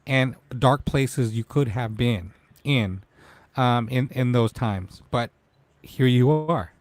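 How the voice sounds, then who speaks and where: A man's voice: mid-range voice, slow pace, dry recording. A man in his forties hosting a casual live-stream talk show, emotional and tearful as he speaks to his guest. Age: 40s.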